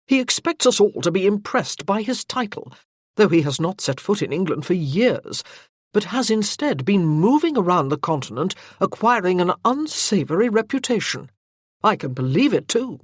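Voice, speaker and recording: A narrator voicing an irritated, possessive young army captain who speaks in an indignant, blustering way. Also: male voice, high voice, big pitch swings, normal speed, breathy edge, no room sound, studio quality, heavily acted.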